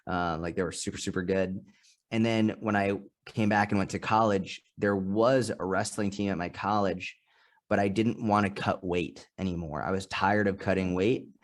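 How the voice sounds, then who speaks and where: Man in his 30s, lowish voice, podcast guest, animated storyteller who acts out quotes. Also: normal speed. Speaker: podcast guest, strength and nutrition coach. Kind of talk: casual interview chat.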